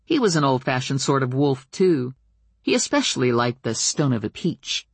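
Woman audiobook narrator, husky, wry and expressive, dry close read. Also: a bass voice, moderate pace, no echo. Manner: wry, expressive storytelling with lively voiced dialogue. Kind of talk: first-person novel narration.

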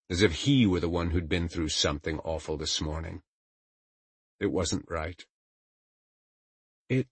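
Deep, husky male audiobook narrator. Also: no room sound. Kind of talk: scripted narration.

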